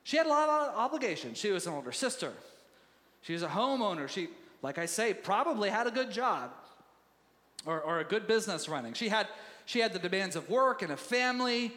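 Male pastor, sermon, chatty and animated, laughs easily, bright sharp voice, long hall echo. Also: high voice, a little fast.

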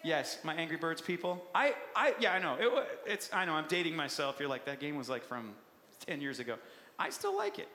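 A man preaching a sermon with a playful, animated, punchy delivery. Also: fairly high pitch, a little fast. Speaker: pastor. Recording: echoey hall with long reverb.

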